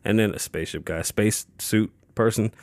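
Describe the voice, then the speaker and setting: A man's voice: lowish voice, moderate pace, dry recording. A young man from Las Vegas hosting his own podcast, chatting casually and loosely, swearing freely and rambling with lots of fillers and restarts. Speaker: podcast host. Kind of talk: casual solo podcast chat.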